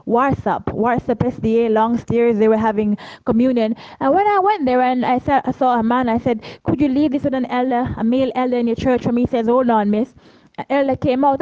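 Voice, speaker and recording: A woman's voice: a little high, dark tone, no room sound, highs cut off. A Jamaican woman telling a religious testimony about her travels as a preacher, acting out the voices of the people she met. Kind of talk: testimony storytelling.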